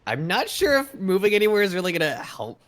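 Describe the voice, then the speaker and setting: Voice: medium pitch, sing-song, a little fast, crowd noise. A player in a tabletop game, hesitant, thinking aloud about the next move.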